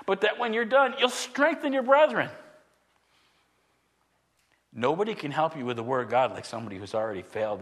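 A man preaching a sermon as a pastor, swinging from loud, emphatic lines down to hushed, low ones. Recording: long hall reverb.

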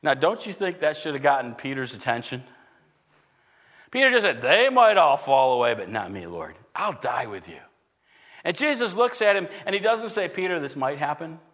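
A man with a high voice preaches a sermon. He speaks earnestly to his congregation and often drops his voice low and quiet to act out what people think to themselves. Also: big pitch swings, normal speed. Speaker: pastor.

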